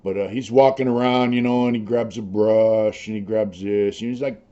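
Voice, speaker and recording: A man's voice: fairly low pitch, steady tone, moderate pace, mellow, muffled recording. An older man, a former prisoner, telling his stories in a rambling, profane, casual way full of "you know". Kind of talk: casual storytelling.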